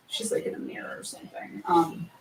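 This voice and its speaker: A woman pitching her musical in casual chat, breaking into sung and chanted lyrics. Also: fairly quick, distant mic, slight background noise. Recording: roomy, from off mic.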